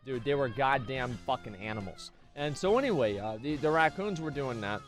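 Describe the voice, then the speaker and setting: A man's voice: mid-range voice, lively intonation, moderate pace, soft background music. Rambling, profane American man. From United States. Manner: rambling, profane, many fillers. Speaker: streamer. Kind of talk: casual storytelling.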